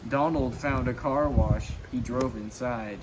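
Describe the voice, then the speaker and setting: A man's voice: medium pitch, a little slow, noisy background. A man reading a children's storybook aloud and chatting about the pictures, with small stumbles. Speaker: storybook reader. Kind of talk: casual storybook read-aloud with commentary.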